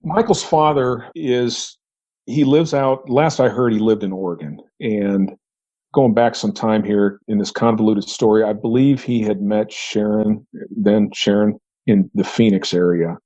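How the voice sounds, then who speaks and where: A man with a mellow, raspy voice tells how an interrogation unfolded. He acts out his own questions as quoted dialogue. The clip sounds muffled and lo-fi, like an old recording. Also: fairly low pitch, measured pace. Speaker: investigator. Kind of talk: recounting an interrogation.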